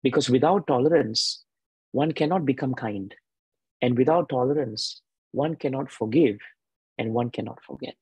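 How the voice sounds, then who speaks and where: A man giving a devotional sermon with a husky voice, emphatic and repeating key phrases. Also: medium pitch, normal speed, darkish tone, no room sound, low-quality recording. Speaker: devotional speaker.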